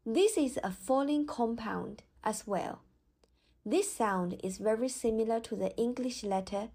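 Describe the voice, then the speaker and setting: A woman teaching Mandarin pronunciation in a slow, scripted lesson, with clear, drawn-out model sounds. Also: medium pitch, darkish tone.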